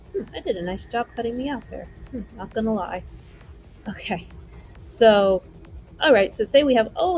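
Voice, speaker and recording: A woman hosting a casual software tutorial, chatty and rambling with playful asides. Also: mid-range voice. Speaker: tutorial host.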